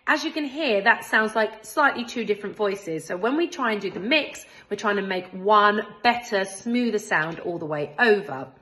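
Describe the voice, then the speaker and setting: A woman's voice: mid-range voice, lively intonation, moderate pace, hardly any pauses, sharp tone. A woman with a British accent, a singing teacher and choir director, explaining vocal technique step by step in a friendly, encouraging way. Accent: British English. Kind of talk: vocal technique lesson with sung demonstrations.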